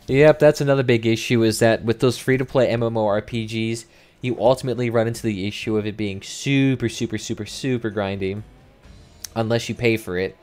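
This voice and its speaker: A man's voice: medium pitch, steady tone, a little fast, a little mellow, soft background music. A young man commentating casually as he livestreams a game, chatting with viewers and swearing freely. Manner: chatty, swears freely, reads chat aloud. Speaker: gaming livestreamer. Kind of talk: casual live commentary while playing.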